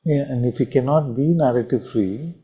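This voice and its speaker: Dark-voiced man giving a slow spiritual talk. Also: mid-range voice, low-quality recording. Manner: slow, reflective, with long pauses and repeated phrases. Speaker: spiritual teacher. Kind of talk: satsang talk.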